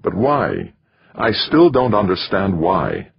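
A man's voice: low voice, wildly swooping pitch, slow, creaky, muffled recording, slight background noise, pitched above the performer's own voice, exaggerated voice. A man voicing a hurt, defensive man who snaps in anger, in an audiobook. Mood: defensive, bitter. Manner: defensive, snapping.

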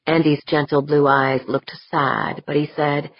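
Brief: husky female narrator, low and unhurried, dry close read. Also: little pitch movement, no room sound. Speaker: audiobook narrator. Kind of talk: scripted narration. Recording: dull, muffled audio.

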